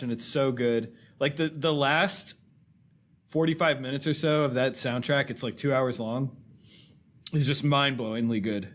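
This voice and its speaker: A man in easy podcast conversation, voice at a middle pitch. He rambles enthusiastically, backtracks and corrects himself mid-thought. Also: a bit bright. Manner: rambling, self-correcting, enthusiastic about film scores. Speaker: podcast co-host. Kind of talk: casual chat.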